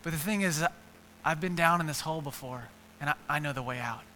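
A man voicing a calm friend who speaks softly and steadily to reassure a trapped man. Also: high-pitched, moderate pace, poor audio. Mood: reassuring.

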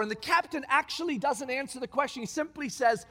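A man's voice: extremely high pitch, fairly quick, hardly any pauses. A man preaching a sermon, telling a story with emphasis and acting out the lines of the people in it. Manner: animated, acts out quoted lines, emphatic. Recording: long reverb of a large hall.

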